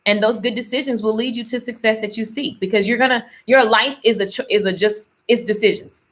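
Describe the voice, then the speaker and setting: A woman's voice: a little high, fairly quick. A young woman hosting a casual live stream, speaking straight to her viewers with lots of laughs and folksy phrasing. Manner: lively, talks straight to viewers, laughs often; folksy Southern-style phrasing, y'all and honey. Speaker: host of a live faith and business talk.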